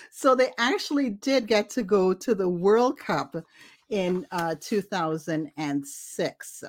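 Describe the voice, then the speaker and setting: A woman's voice: lowish voice, animated, measured pace. A woman from Trinidad in her forties tells a personal story at an easy pace. She talks animatedly and acts out the other people in it. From Trinidad and Tobago. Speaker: guest storyteller. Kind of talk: casual storytelling.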